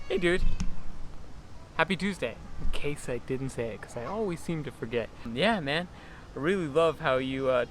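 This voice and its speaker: A man's voice: mid-range voice, slight background noise. A young American man from California, chatting casually in a vlog with a laid-back, rambling way of talking. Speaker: vlogger.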